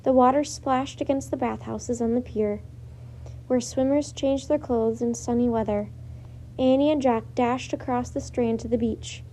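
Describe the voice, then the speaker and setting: A woman reading a children's story aloud with lively, expressive narration. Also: on the high side, moderate pace, a little hiss or hum.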